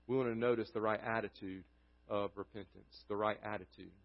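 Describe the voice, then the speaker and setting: A man preaching a sermon as pastor, earnest, his voice dropping low and quiet at the ends of phrases. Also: fairly even intonation, fairly quick, lo-fi sound.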